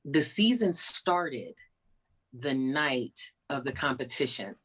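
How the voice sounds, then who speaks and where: A woman stand-up comedian chatting as an interview guest, telling stories in an animated way and acting out the people she quotes, over a video call. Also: very deep voice, slow pace, husky. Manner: animated storyteller, acts out quoted voices. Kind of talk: casual interview chat.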